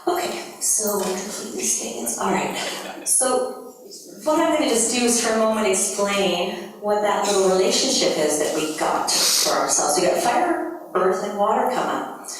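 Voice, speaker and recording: A woman's voice: medium pitch, lively intonation, moderate pace. A woman leading a group energy workshop, explaining things to a large audience in an upbeat, conversational way. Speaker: workshop facilitator. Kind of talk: live workshop presentation. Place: large conference hall. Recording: echoey hall from far off.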